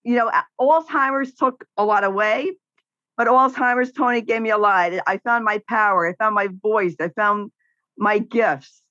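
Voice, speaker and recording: A woman's voice: fairly high pitch, normal speed, dry recording, dull audio. A middle-aged woman, a podcast guest, talking casually and outspokenly about caregiving, telling stories with laughs. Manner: outspoken, animated storytelling with laughs. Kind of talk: casual interview conversation.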